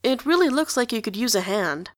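A woman's voice: a little high, expressive, a little fast, no echo, studio quality, voice pushed up, close to an everyday voice. A woman voicing an earnest, slightly puzzled teenage boy.

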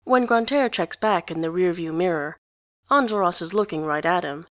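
A woman narrating a story aloud in an even storytelling delivery. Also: on the low side, normal speed, no room sound, studio quality. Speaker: reader.

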